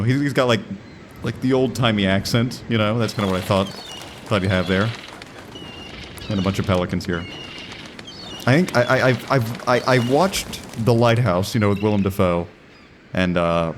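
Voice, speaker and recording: A man's voice: low-pitched, slight background noise. A man giving casual let's-play commentary in a rambling, musing way, often restarting his sentences. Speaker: gaming commentator.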